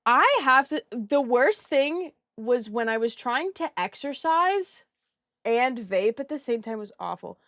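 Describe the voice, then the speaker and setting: A woman's voice: a little high, lively intonation, a little slow, fairly bright tone, no echo, studio quality. A young woman streaming while she colors, chatting casually with her chat, giggling and swearing freely.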